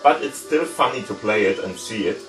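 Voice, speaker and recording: A man's voice: lowish voice, expressive, brisk. A man hosting a gaming channel, walking viewers through an adventure game in a loose, explanatory way full of fillers and hedges. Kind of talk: let's play commentary. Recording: roomy, distant mic with game music. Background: game music.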